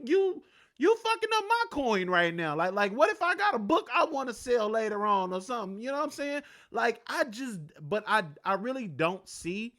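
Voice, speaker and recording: A man's voice: very high voice, bright, forceful tone, voice pushed up, heavily acted. A man putting on the voice of an exasperated woman sports TV host, ranting indignantly with repeated questions.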